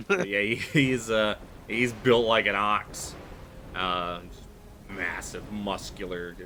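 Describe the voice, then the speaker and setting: A game master narrates a tabletop horror game in a loose, rambling way, constantly saying "like" and other fillers. His voice is fairly low, pushed, and bright, with fairly even intonation and a slow pace, against slight background noise.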